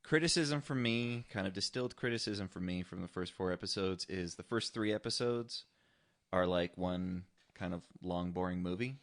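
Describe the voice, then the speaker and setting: A man co-hosting a casual podcast chat in a laid-back, agreeable way, with plenty of pauses and fillers. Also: sits low. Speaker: podcast co-host.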